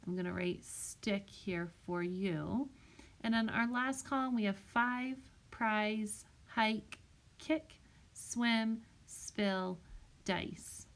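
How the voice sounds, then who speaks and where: A woman teacher speaks slowly and patiently, sounding out each vowel with care for young children. Her pitch sits in an ordinary middle range, and she talks into a tablet microphone as she walks through a spelling lesson. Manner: slow, patient, sounds words out carefully.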